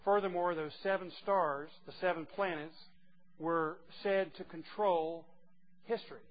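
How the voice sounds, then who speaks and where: A man preaching a sermon, emphatic and teasing, swinging from quiet asides to loud declarations. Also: sits high, fairly even intonation, unhurried. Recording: dull lo-fi recording with faint noise.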